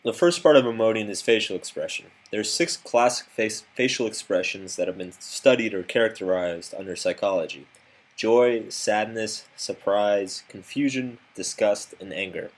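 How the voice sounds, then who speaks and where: A man's voice: lowish voice, normal speed. A man narrating a self-improvement lesson in a direct, instructive way, with occasional fillers.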